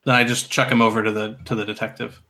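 Brief: male player, bright forceful voice, rambling casual talk. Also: lowish voice, flat delivery, quick pace, slight background noise. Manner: rambling, laughs often. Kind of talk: casual game chat.

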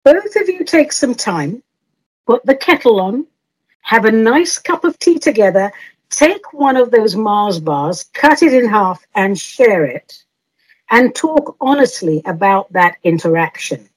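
A woman's voice: a little high, sing-song, measured pace, husky, low-quality recording. A woman hosting an advice podcast, answering listener letters in a playful, teasing way and laughing often.

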